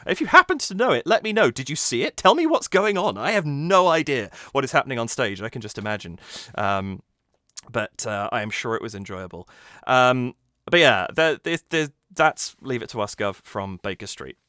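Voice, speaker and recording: A man's voice: mid-range voice, big pitch swings, normal speed, sharp tone, dry recording, studio quality. A man hosting his own channel, talking casually and enthusiastically, with plenty of restarts as he breaks down a lyric. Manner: enthusiastic, analytical, with frequent restarts. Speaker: channel host reacting to a song. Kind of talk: casual talk about musical theatre.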